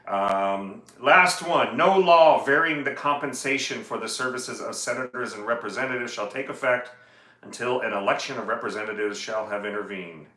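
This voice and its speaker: A man, an attorney, talks casually on a livestream, reading legal text aloud and tossing in quips. His voice is bright and forward. The sound carries a noticeable room echo from his home music room. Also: medium pitch. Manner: chatty, reads legal text aloud then jokes about it.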